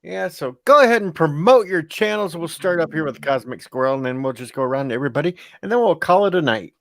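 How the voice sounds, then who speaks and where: A man's voice: on the high side, expressive, quick pace, vocal fry, no room sound, studio quality. A man hosting a live stream, joking and teasing as he hands the mic around to his guests. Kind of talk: casual live stream chat.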